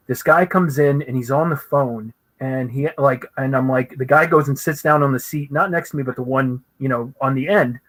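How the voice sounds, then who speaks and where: A man as an interview guest, telling stories animatedly with many fillers and raising his voice to act out what he and others said. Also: rough recording. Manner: animated, full of fillers, acts out quoted voices higher. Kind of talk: casual storytelling in an interview.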